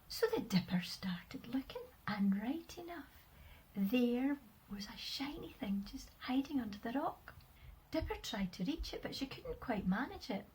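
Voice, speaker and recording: A woman with a Scottish accent reads her children's story aloud, expressively and with dramatic pauses. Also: high voice, expressive, a little hiss or hum, low-quality recording. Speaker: author reading her own stories.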